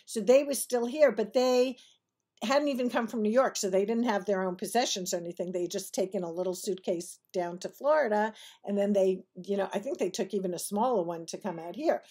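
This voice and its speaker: A woman's voice: medium pitch, brisk, darkish tone, husky. A woman telling a personal story to her audience in a chatty, digressive way, often laughing through her punchlines. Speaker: vlogger telling personal stories. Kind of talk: casual storytelling to camera.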